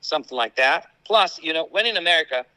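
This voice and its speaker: A man with an Italian accent, a guest in a casual chat, talking in an animated way. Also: fairly high pitch, fast, clear, resonant tone, no room sound, poor audio. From Italy. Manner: animated, acts out family quotes.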